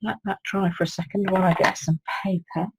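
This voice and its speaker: Speaking briskly with fairly even intonation at medium pitch, a woman from the United Kingdom, her throat sore, leads a live card-making stream, chatting, thinking aloud, and reading viewers' comments. The background is very noisy.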